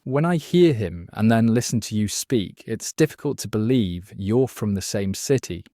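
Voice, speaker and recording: A man playing a quiz contestant, confident and quick to object. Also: lowish voice, animated, warm tone. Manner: confident, indignant. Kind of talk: casual banter.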